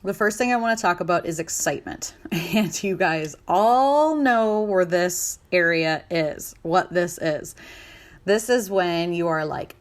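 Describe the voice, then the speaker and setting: Woman, 30s, podcast host and sales coach; casual, upbeat, chatty delivery with playful acted-out self-talk. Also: on the low side. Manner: upbeat, chatty, acts out hyped inner voices.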